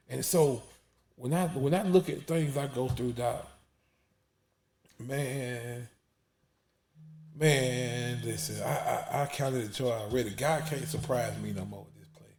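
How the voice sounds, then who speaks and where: A man's voice: mid-range voice, unhurried, gravelly, darkish tone, a little hiss or hum. A man, testifying in an emphatic preaching style that repeats words and drops almost to a whisper when emotional. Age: 40s.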